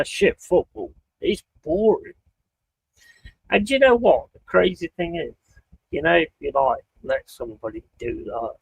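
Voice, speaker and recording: A man's voice: a little high, creaky, breathy edge, no room sound, low-quality recording. A young man chatting casually on a live stream, sweary and prone to ranting. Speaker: streamer watching a football match.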